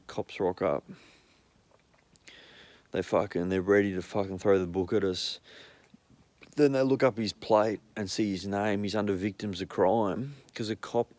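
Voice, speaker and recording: A man's voice: fairly low pitch, a little mellow. A young Australian man telling rambling, sweary anecdotes in a blunt, casual way. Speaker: storyteller.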